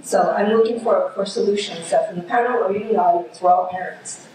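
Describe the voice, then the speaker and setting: A woman's voice: mid-range voice, brisk, a crowd in the background. A woman in the audience asking the panel a question in a chatty, conversational way. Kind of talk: conference question. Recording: echoey hall, distant mic.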